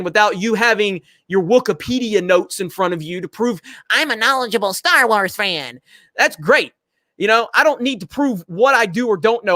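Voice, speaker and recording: A man's voice: high-pitched, bright, forceful tone, dry recording, clean studio sound. A man hosting a casual livestream chat, blunt and confrontational, with frequent swearing. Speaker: show host.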